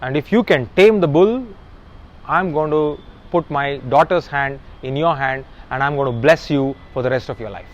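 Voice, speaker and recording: A man voicing a calm, kindly village father who speaks in a measured, gentle way. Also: on the high side, highs cut off, lightly acted.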